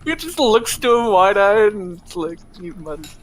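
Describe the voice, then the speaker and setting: A man's voice: sits high, sing-song, moderate pace, slight background noise. A man playing a tabletop game, describing his character in a hesitant, stumbling way. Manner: hesitant, stumbling, soft-spoken. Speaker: player.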